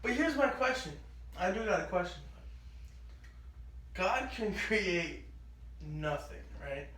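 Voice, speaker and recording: Man, casual storyteller, high voice, animated, echoey room. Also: slow pace. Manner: animated, acts out quoted lines. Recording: echoey room, mic at a distance.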